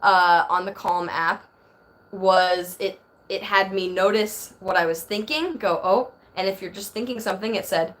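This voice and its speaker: This livestream host, a woman in her thirties, speaks a little slowly with a medium-pitched, somewhat bright voice. Chatting casually on her phone, she rambles and reads out what viewers comment.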